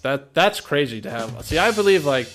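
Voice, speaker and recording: A man's voice: a little high, animated, normal speed, fairly bright tone, soft background music. A man co-hosting a podcast, chatting in a laid-back, rambling way. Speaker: podcast co-host. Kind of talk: casual chat.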